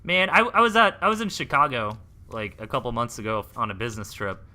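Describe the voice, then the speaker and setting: A young man from the Southern United States casting a game replay live, rambling through joking side chats between quick play calls. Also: medium pitch, sharp tone. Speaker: esports caster.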